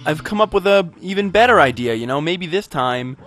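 A man's voice: on the high side, expressive, brisk, fairly bright tone, soft background music. A man giving casual gameplay commentary, frustrated and profane, rambling while a bit tipsy. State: tipsy from drinking. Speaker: let's play gamer.

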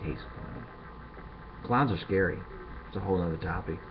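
A middle-aged man hosting a comedic monologue, rambling and crude, building to loud rants. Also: low-pitched, fast talker, gravelly. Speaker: show host. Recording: dull lo-fi sound with faint hiss.

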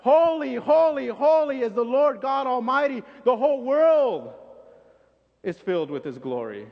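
A man's voice: medium pitch, a little slow, voice pushed down, close to an everyday voice. A man voicing an adoring male angel who keeps repeating the same song of praise, in a church sanctuary. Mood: exalted. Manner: exclaiming, repeating the same chorus. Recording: dull recording with long church reverb.

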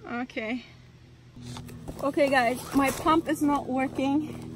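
A woman's voice: sits high, fairly even intonation, slow, background noise. A woman vlogging to camera from inside a tent in a forest, talking dramatically with lots of exclamations. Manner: exclaiming, dramatic, keeps saying oh my gosh. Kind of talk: casual vlog to camera.

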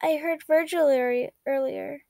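A woman reading as a soft, worried fatherly man. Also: sits high, fairly even intonation, a little slow, creaky, no echo, clean studio sound. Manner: soft, quiet, concerned.

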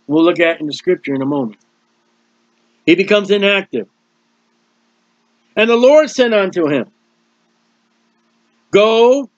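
High-voiced preacher, dull dry sound. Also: male voice, dry recording. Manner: explains scripture plainly, reading and acting out the verses. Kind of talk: sermon.

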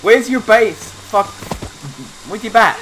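A man playing an online game with friends, shouting playful trash talk and laughing as he goes. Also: sits high, slow, a little hiss or hum. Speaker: gaming YouTuber. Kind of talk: casual game chat.

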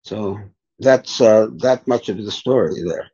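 A man's voice: fairly low pitch, measured pace, dark tone, slightly rough. An older man, a spiritual teacher, telling reflective stories unhurriedly as a guest in an interview. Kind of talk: storytelling in a podcast interview. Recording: dull lo-fi sound.

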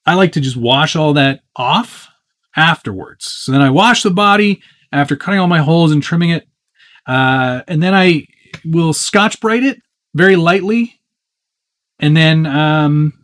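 Here the live build stream host speaks slowly, his fairly high voice carrying a slightly bright tone. He works on a model truck by hand, chatting relaxedly with viewers and fielding their questions, peppering his talk with fillers and breaking off into asides.

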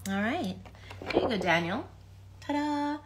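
A woman's voice: mid-range voice, normal speed, noisy background. A middle-aged woman chatting casually on a live stream while she signs autographs, bubbly, reading comments aloud with lots of ums.

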